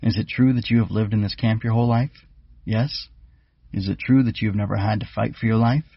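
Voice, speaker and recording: A man voicing a wise, winged bug keeper who calmly instructs young cadets. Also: lowish voice, gravelly, husky, dry recording, muffled recording. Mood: earnest. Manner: measured, instructive.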